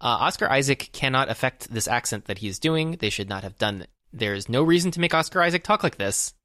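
A podcast co-host chats casually about a film in an expressive, medium-pitched voice, a little fast and fairly bright. The recording is dry with clean studio sound, and his speech is full of fillers and restarts.

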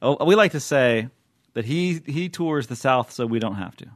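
A man's voice: mid-range voice, animated, normal speed, dry recording. Man, podcast host, casual chat, jokey, rambling, laughs a lot, dry sound.

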